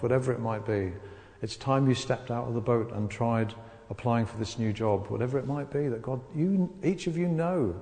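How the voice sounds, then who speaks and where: A man preaching to a congregation, acting out the voices of the people in his story with real animation. His voice is mellow and dark in tone, and it rings with the long reverb of a large church hall. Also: medium pitch, normal speed. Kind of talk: sermon.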